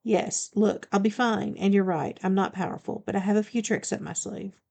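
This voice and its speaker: A woman voicing a young-looking female vampire in an audiobook, talking quickly and defensively. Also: medium pitch, steady tone, vocal fry, a little mellow.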